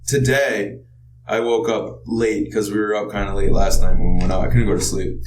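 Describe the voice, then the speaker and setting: A man's voice: lowish voice, flat delivery, normal speed, echoey room, recorded from a distance, soft background music, poor audio. Rambling male podcast co-host. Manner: rambling, laughs often, swears casually. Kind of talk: casual storytelling chat.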